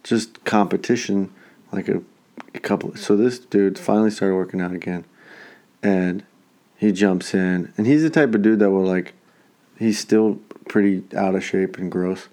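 A young man with a slightly low voice, chatting casually on a podcast. He tells stories with a lot of swearing and gets worked up as he goes. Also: normal speed. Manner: profane, animated storytelling. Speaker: podcast co-host. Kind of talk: casual chat.

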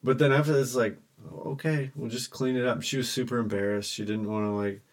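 A man's voice: medium pitch, fairly even intonation, fairly quick. A man in his thirties chatting casually as a podcast co-host in an easygoing, agreeable way. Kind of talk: casual chat.

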